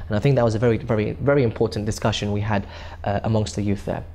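A man's voice: lowish voice, steady tone, fast, warm tone. A man recounting his recitation tour in a documentary interview, earnest and often repeating and restarting words.

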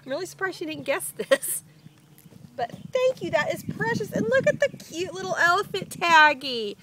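Gushing high-voiced woman. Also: moderate pace, noisy background. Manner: gushing and excitable. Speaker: vlogger. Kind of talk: casual unboxing chat.

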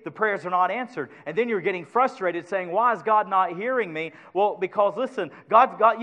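A pastor preaching a sermon to his congregation, swinging from loud urgency to hushed asides and asking them for agreement. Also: high-pitched, dull audio.

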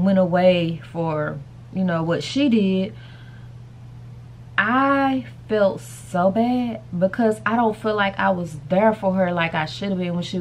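A woman's voice: medium pitch, darkish tone, a little hiss or hum. A woman chatting casually to camera in a rambling vlog, calling her viewers y'all and baby. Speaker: vlogger.

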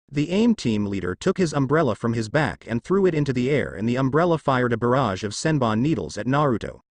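A man narrating a fanfiction story in a steady storytelling manner. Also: medium pitch, no echo. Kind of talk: fanfiction reading.

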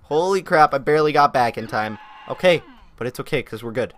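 A young man giving excitable let's-play commentary on a modded game, talking to the animals on screen. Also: mid-range voice, a little fast. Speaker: gaming youtuber.

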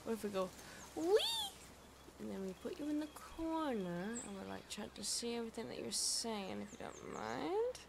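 A woman's voice: on the high side, lively intonation, brisk, gravelly, hardly any pauses, noisy background. A woman streaming a game live, chatting casually, swearing freely and talking back to the game and her chat.

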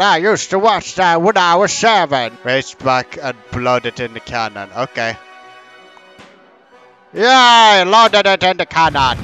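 Goofy young man yelling over a game. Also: sits high, clean tone. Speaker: let's play host. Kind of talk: gaming commentary.

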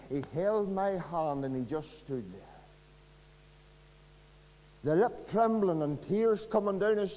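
A man with a Northern Irish accent preaching an evangelistic sermon, earnest and pleading, dropping to a hush and rising again. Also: high voice. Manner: earnest, pleading, dramatic swings from loud to hushed. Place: church. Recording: long reverb of a church hall.

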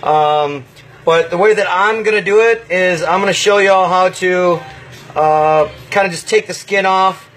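A man's voice: sits high, a little slow, a bit bright, low-quality recording. Laid-back man hosting a cooking stream. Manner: laid-back, chatty, lots of "uh" and "so basically". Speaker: home cooking host. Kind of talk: casual cooking livestream demo.

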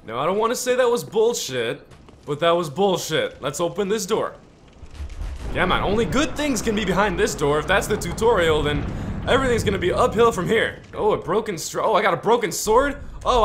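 A high-voiced man commentates his video game playthrough, swearing and yelling at it. His pitch jumps all over the place, and he drops into mock-heroic lines now and then. Music plays clearly behind him. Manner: loud, profane, screaming reactions to the game. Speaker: gaming YouTuber. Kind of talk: let's play commentary.

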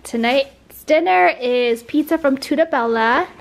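A woman's voice: high-pitched, measured pace, a little hiss or hum. A woman filming a casual home vlog, often laughing and cooing baby talk to her dog. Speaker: vlogger.

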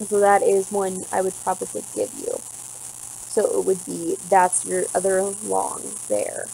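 Woman Latin teacher, mid pitch, a bit of fry, patient step-by-step lesson delivery. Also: a little hiss or hum, low-quality recording. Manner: patient, steady step-by-step explaining. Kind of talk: explaining poetic meter in a lesson.

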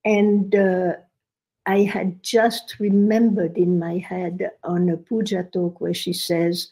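Older woman, gravelly low voice. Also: slow pace, low-quality recording. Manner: animated storyteller, quotes others with rising emphasis. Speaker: podcast guest. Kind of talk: storytelling in conversation.

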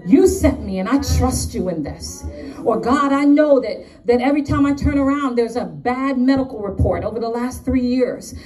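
A woman's voice: on the high side, animated, normal speed, darkish tone, recorded from a distance, faint music behind. A woman with a New York accent preaching and praying at a conference, piling up emphatic repeated lines. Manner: fervent, repetitive emphatic lists. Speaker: conference speaker. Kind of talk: preaching and prayer. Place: conference hall.

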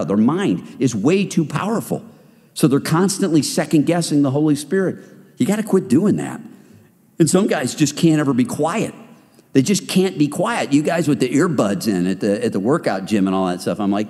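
A man preaching to a men's group in a casual, conversational way, acting out little quotes along the way. His pitch swings widely as he talks. The sound carries a long hall reverb. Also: a little fast. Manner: animated and conversational, acts out quotes. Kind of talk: sermon-style talk.

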